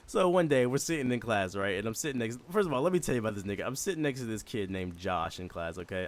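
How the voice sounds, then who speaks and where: A young man telling a comedic story in a casual, profane way, laughing often and mimicking voices. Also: fairly low pitch.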